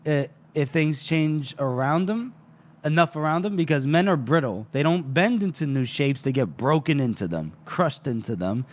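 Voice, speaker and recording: A man's voice: fairly high pitch, animated, normal speed, lightly acted. A man voicing a weary male fighter who speaks plainly and broodingly.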